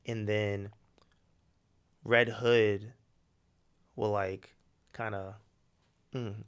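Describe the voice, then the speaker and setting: A man co-hosting a podcast, spinning a story in casual chat with slangy, animated delivery. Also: fairly low pitch, clean tone. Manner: animated, slangy storytelling with quick acted quotes. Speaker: podcast co-host.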